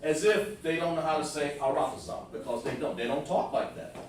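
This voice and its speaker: A man's voice: on the high side, a little fast, slight background noise. A man teaching a scripture class. He explains the meaning of words step by step and talks directly to the people listening. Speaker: religious teacher. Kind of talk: live-streamed scripture class. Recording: very echoey room, far from the mic.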